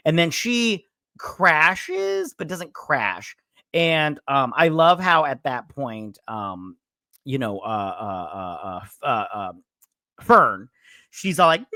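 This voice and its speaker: A man's voice: on the high side, pushed and bright, no room sound. Mocking, foul-mouthed man reviewing a show. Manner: crude, mocking, exasperated. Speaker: host. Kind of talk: profane episode review rant.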